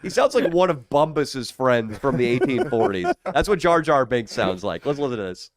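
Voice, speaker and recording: A man co-hosting a podcast in casual banter, quick and joking, laughing often, with a lively, expressive pitch. His voice sounds dry and close, with little room around it. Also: no echo. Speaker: podcast co-host.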